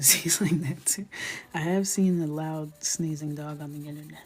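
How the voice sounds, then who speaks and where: Young woman, lowish voice, relaxed livestream chatter with frequent whispers; faint music under. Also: breathy edge. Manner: chatty storytelling, often drops to a whisper, laughs a lot. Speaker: coloring livestream host. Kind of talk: casual chat while coloring.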